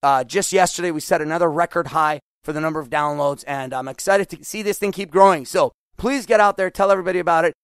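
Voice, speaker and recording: Energetic man hosting a podcast, dry sound. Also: fairly high pitch, quick pace, few pauses, smooth, no room sound. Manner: energetic, animated, acts out quoted voices. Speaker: podcast host and business coach. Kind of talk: solo podcast monologue.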